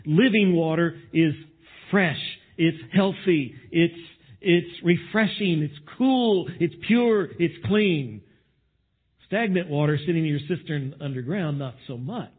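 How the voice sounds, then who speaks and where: A high, husky male voice delivers an outdoor Bible teaching beside a spring. He speaks with emphasis and stacks short phrases one after another. The sound is thin and tinny, like a phone line. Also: takes it slowly.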